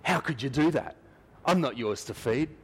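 A man's voice: medium pitch, expressive, moderate pace, husky, in a large hall, pitched above the performer's own voice. A man voicing a pestering hungry male neighbour's dog that begs for food in a whiny voice. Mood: indignant. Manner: whiny begging, then indignant scolding.

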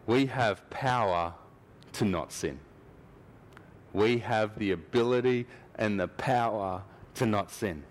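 A man's voice: fairly low pitch, slow pace, a little hiss or hum. A man preaching a sermon in church, talking conversationally and acting out little scenes.

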